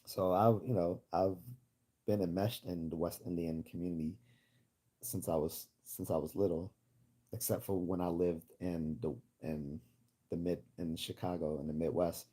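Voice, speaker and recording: A man's voice: sits low, fairly even intonation, normal speed, warm tone, husky. A man from Baltimore hosting a livestream, chatting casually and rambling with many restarts while he answers chat comments. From Baltimore, USA. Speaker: livestream host.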